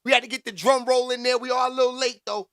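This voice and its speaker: A man's voice: extremely high pitch, little pitch movement, fast talker, no echo, studio quality. A man from New hosting a show, chatting in a loose, slangy, rambling way. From New York. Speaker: show host. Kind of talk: casual livestream commentary. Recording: loud music bed under voice. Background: loud music.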